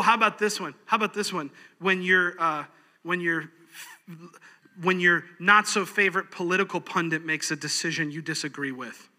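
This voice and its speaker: A man's voice: fairly high pitch, pushed and bright, long reverb tail. A man preaching a sermon in a folksy, practical way, chuckling often. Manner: folksy, practical, laughs easily. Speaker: pastor.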